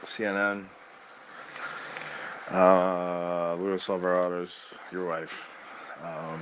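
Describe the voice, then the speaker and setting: A man delivering a rambling spoken-word monologue from his bed into a microphone, swinging between loud outbursts and quiet mutters. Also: low voice, slow pace, pauses often, noisy background. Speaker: recording artist. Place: bedroom.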